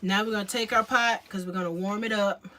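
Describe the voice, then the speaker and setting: Fairly quick and steady, this vlogger's mid-range voice has a sharp edge. She is a little out of breath as she fixes a drink in her home kitchen and chats informally on a livestream. There's noticeable noise in the background.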